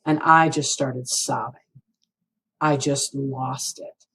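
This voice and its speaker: A woman's voice: extremely low pitch, fairly even intonation, slow, fairly bright tone, low-quality recording. A woman in her forties, speaking as a guest on an interview show. She tells a personal story earnestly, with open emotion. She keeps the talk conversational and checks in with her listener by asking "right?" and "you know?".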